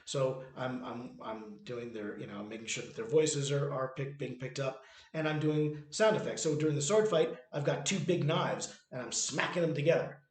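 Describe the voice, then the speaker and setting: A man's voice: mid-range voice, moderate pace. A man talking about his own stage play in a casual, rambling way, restarting sentences often. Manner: rambling, many restarts and fillers. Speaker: playwright and author presenting his own work. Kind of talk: casual spoken commentary. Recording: echoey room.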